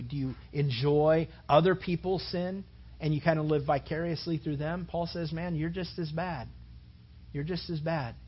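Brief: male pastor, sermon, husky, fairly high, muffled recording. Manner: conversational, repeats words, builds to emphatic.

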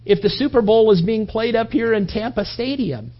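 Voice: mid-range voice, normal speed. A pastor preaching a sermon, telling stories animatedly, stumbling and repeating words as he builds up points. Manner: animated storytelling, acts out quoted voices; frequent restarts and repetitions. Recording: dull lo-fi recording.

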